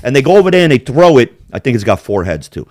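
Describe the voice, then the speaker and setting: A male podcast host in crude, casual chat. His pitch swings a lot as he tells animated stories, full of swearing and frequent laughter. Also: fast talker, dry recording, clean studio sound.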